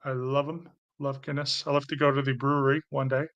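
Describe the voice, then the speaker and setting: A man's voice: mid-range voice, flat delivery, brisk, fairly bright tone, dull audio. A man with a light Canadian accent chatting casually as host, rambling a little and often restarting his sentences while he answers comments. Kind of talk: casual livestream chat.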